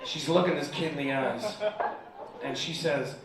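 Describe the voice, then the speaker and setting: A man's voice: fairly high pitch, moderate pace, a crowd in the background. A young man from the United Kingdom performing a crude, self-mocking stand-up comedy set in a bar, often laughing through his punchlines. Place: comedy bar with a live audience. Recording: echoey room, mic heard from a distance. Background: room ambience and audience noise.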